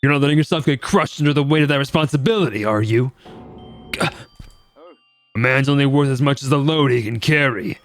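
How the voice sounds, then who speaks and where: Man reading a swaggering young gang leader, quick and rough. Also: mid-range voice, dry recording, faint music behind, natural voice. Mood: brash. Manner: fast, gruff, swaggering.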